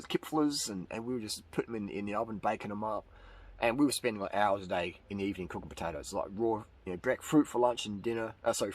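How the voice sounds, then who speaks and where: A middle-aged man from Australia, hosting his own channel, telling a rambling, animated story with voiced quotes and laughs. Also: fairly low pitch, low-quality recording. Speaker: channel host answering questions. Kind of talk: casual monologue.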